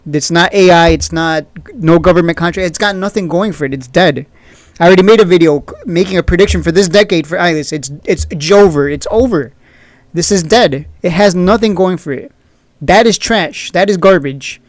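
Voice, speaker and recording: A man's voice: high voice, moderate pace, no room sound. Blunt, opinionated man with a dry close mic. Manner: blunt, opinionated, sarcastic, often laughs at critics. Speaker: stock market video host. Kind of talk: casual trading commentary.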